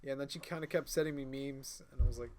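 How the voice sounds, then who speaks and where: A man's voice: medium pitch, fairly even intonation, quick pace, crowd noise. A man, a podcast co-host, telling a long casual story among friends, swearing freely and acting out both sides of the dialogue. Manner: rambling, swearing, acts out both sides of dialogue, laughs mid-sentence.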